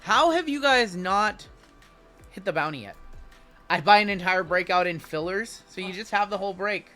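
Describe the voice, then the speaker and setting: Bright-voiced man hosting a card break. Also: sits high, animated, normal speed, soft background music. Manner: chatty, rattles off cards and spots while joking with viewers. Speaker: sports card break host. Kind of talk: live-stream card break commentary.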